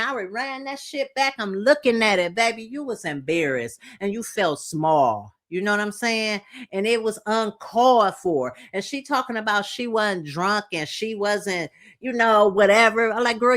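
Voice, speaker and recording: A woman's voice: medium pitch, a bit bright. A woman from Detroit giving a blunt, profane, slangy casual recap of a reality TV episode.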